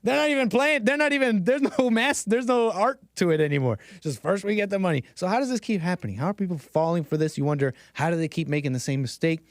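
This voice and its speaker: A man hosting a casual commentary stream, talking in a loose, rambling way with many restarts and the odd laugh. His voice sits a little high and sounds close and dry. His delivery is unpolished and conversational. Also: fast, few pauses, no room sound. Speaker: host.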